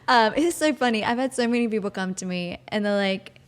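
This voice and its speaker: A young woman with an Australian accent, co-hosting a casual podcast and telling stories in a bubbly, animated way. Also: a little high, a little fast, hardly any pauses, clear, resonant tone. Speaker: podcast co-host. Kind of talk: casual chat.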